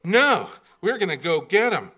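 A man's voice: high voice, big pitch swings, measured pace, bright, forceful tone, breathy edge, voice pushed up, heavily acted. A man putting on the voice of his firm middle-aged wife, who insists on picking up their son and scolds her husband. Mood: insistent. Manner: raised, scolding, emphatic.

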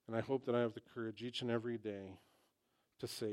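A male pastor preaching a sermon in church, telling stories with lively mock complaints and then speaking quietly and earnestly. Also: medium pitch, fast talker, clean tone. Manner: animated storytelling, swinging from loud mock complaint to quiet earnest prayer.

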